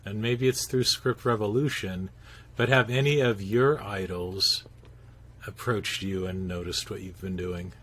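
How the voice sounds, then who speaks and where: A man's voice: on the low side, steady tone, a little slow, a bit bright, a little hiss or hum. A man hosting a podcast, asking curious interview questions.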